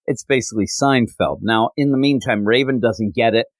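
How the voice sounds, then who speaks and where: Male podcast host, chatty comic-book recap, mid pitch, dry close sound. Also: normal speed, no room sound, rough recording. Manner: animated recap, frequent fillers. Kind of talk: casual comic book review.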